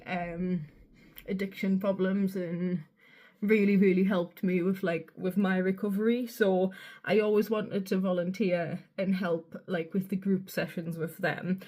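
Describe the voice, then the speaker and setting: Woman, North East English accent, beauty vlogger; loose, chatty, sweary, mid-pitched everyday voice. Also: a little mellow. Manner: rambling, casual, swears freely. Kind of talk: chatty makeup tutorial. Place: home vanity area.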